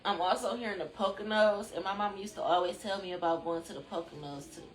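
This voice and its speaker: A woman's voice: medium pitch, fast talker, reverberant. A woman hosting a rambling spiritual chat, drowsy, chatty and loosely profane, talking from a room at home. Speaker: spiritual channel host.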